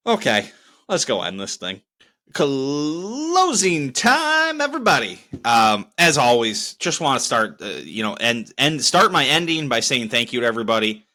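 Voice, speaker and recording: Profane, animated male podcast host. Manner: profane, exasperated storytelling; lively, restless pitch swings. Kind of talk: solo podcast rant and sign-off.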